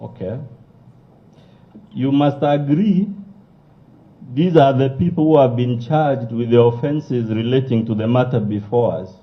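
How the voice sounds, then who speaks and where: Firm lawyer cross-examining. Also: male voice, medium pitch, unhurried, long pauses, highs cut off. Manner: firm, controlling, clipped questions.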